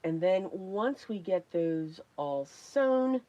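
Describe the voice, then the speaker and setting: A woman hosting a casual crafting livestream, chatty and greeting viewers by name, her voice hoarse and worn from talking, often clearing her throat. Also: lowish voice, animated, slow pace, dark tone. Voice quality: frequent throat clearing and coughs.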